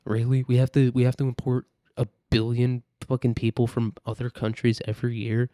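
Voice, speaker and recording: A podcast host rants alone in a loose, rambling, sarcastic way, swearing freely. His mid-range voice is mellow and dark, level in tone and brisk, recorded dry and close with no room echo.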